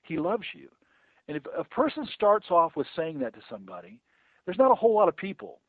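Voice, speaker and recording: In a casual interview, a middle-aged evangelist speaks earnestly about evangelism in a high voice whose pitch swoops wildly, talking quickly. He repeats words a lot and acts out past conversations, and the audio is dry and tinny, like a phone line, with no room sound.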